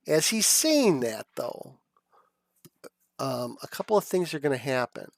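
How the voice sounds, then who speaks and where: A man running a tabletop game as dungeon master, narrating in an unhurried, relaxed way. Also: mid-range voice, creaky, no echo.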